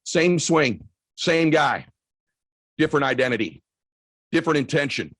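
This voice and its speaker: A man in his forties giving a motivational speech to a live audience, telling a story with quick, energetic delivery and loud shouts at the high points. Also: no echo. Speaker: motivational keynote speaker. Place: event stage before a live audience.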